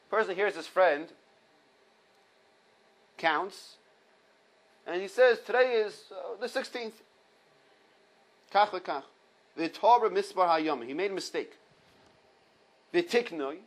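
Heard through a low-quality recording, this Torah teacher has a fairly high-pitched voice. His informal halacha class involves reading Hebrew sources and explaining them in English step by step, with the key points repeated and Hebrew quotes mixed into the English.

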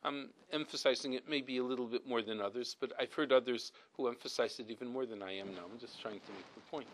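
A man's voice: mid-range voice, fast, a little hiss or hum, poor audio. A middle-aged man giving a weekly religious class as a rabbi, explaining in an earnest, emphatic way and often restarting or repeating words as he thinks.

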